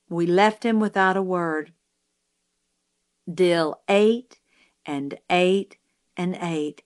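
A woman reading a novel aloud as an audiobook narrator, in a measured storytelling manner. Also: lowish voice, clean tone.

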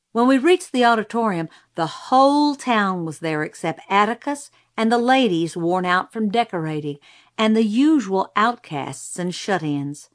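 Woman narrating a story, measured. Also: medium pitch. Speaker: audiobook narrator. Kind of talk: scripted first-person narration.

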